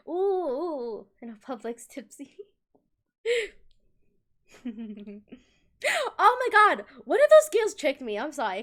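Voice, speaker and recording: A young woman streaming live, telling school stories to her chat in a casual, giggly way, acting out quoted lines. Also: sits high. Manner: giggly, animated, acts out quotes.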